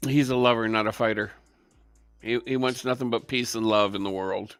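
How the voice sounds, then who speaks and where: A man's voice: on the low side, fairly even intonation, normal speed, smooth, dry recording, soft background music. A man co-hosting a talk show, chatting casually and animatedly with joking asides. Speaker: co-host. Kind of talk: casual chat.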